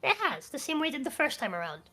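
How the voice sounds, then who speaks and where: A high-voiced woman co-hosts a casual political news chat, ranting heatedly with plenty of swearing and restarts. Her voice is bright and sharp, and faint music plays behind her. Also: big pitch swings, fast. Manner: heated and profane, with many restarts. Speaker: co-host of a news talk stream.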